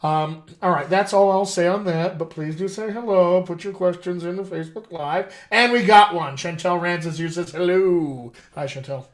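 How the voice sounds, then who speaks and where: High-voiced man hosting a chatty live stream. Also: moderate pace, few pauses. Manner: chatty and playful, talking straight to viewers. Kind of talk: casual live-stream chat.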